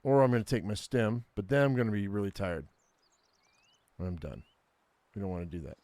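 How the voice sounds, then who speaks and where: Low-voiced man muttering gameplay commentary. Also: fairly quick, a little mellow, dry recording. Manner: muttering thoughts aloud, chatty asides to viewers.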